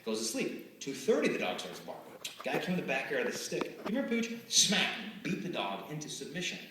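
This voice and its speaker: A man giving a lively live talk to a student audience, often acting out the voices of the people in his stories. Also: medium pitch, brisk. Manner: animated, acts out quoted voices. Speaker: speaker addressing students. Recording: echoey hall from far off, faint hiss.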